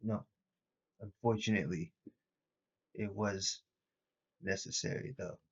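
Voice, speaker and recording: A man voicing a cold entity that speaks through a young man in a flat monotone. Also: on the low side, takes it slowly, slightly rough, muffled recording, exaggerated voice. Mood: flat, cryptic.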